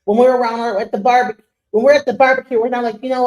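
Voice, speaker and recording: A woman's voice: fairly high pitch, rapid-fire, echoey room, poor audio. A woman hosting a casual stream, talking animatedly and emphatically. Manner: animated, emphatic, mocking impressions. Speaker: host.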